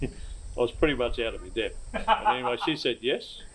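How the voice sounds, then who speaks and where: An older Australian man tells his stories in a relaxed, meandering way. He chuckles between remembered moments and speaks at an everyday pitch. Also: brisk, a little hiss or hum, poor audio. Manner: rambling, laid-back yarn-spinning with laughs. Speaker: interviewee. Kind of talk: casual storytelling.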